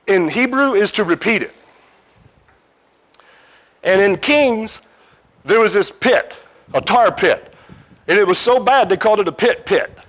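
A man preaching a sermon, retelling a scripture scene as an animated story with imaginative asides to his listeners. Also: very high voice.

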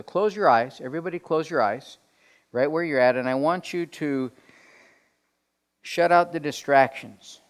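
A man leading a group Bible study in a conversational sermon style, asking questions and swinging from soft to emphatic. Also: medium pitch. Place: room with people around tables. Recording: long hall reverb.

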